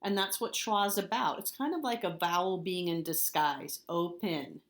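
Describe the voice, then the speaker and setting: A woman's voice: lowish voice, moderate pace. A woman teacher giving a recorded spelling lesson, patiently repeating words and spelling them out letter by letter.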